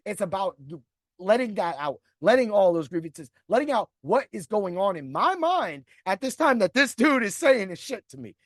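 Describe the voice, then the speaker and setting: A man's voice: high-pitched, big pitch swings, moderate pace, no room sound, clean studio sound. A middle-aged man hosting a podcast, telling a grievance story in a profane, rambling rant. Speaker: podcast host. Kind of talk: ranting storytelling.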